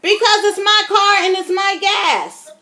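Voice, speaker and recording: A woman in her fifties with a high voice talks straight to her viewers in a casual vlog. She tells her stories chatty and dramatic, calling them y'all as she goes. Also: measured pace, noisy background. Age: 50s. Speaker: vlogger. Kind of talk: casual storytelling to camera.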